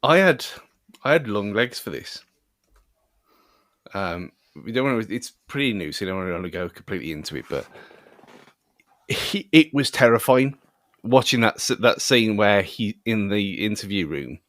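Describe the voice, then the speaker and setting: A man's voice: on the low side, animated, moderate pace, fairly bright tone, dry recording. A man co-hosting a casual podcast, rambling and self-mocking and often trailing off mid-thought. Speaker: podcast co-host.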